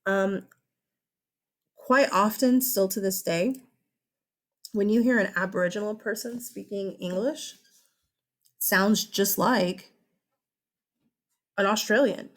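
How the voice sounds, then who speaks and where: A woman teaching a class in a loose, conversational way. Her voice sits at an ordinary pitch, and she drops in teasing asides to the students as she goes. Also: slow, pauses often. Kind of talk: casual classroom lecture.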